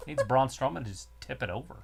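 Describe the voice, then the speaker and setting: A man's voice: mid-range voice, lively intonation, fast talker, vocal fry, husky. A man co-hosting a casual live watch-along, calling the action play by play as it happens. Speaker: co-host.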